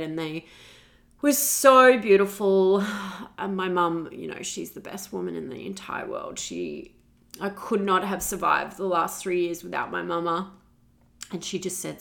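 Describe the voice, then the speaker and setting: Podcast host, young woman, low gravelly voice, candid emotional storytelling. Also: a little slow, a bit bright. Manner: candid, emotional, acts out her own past words. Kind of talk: personal storytelling.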